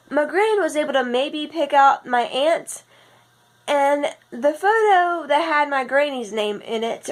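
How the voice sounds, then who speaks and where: A young woman, rambling in a casual vlog with a husky just-woke-up voice and lots of self-corrections. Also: sits high. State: husky morning voice. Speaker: vlogger.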